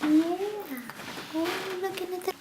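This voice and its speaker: Young mom behind the camera, high and unhurried, cooing and whispering to her baby; noisy home recording. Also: fairly even intonation. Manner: soft cooing, often whispering. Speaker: mother filming her baby. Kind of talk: home video baby talk.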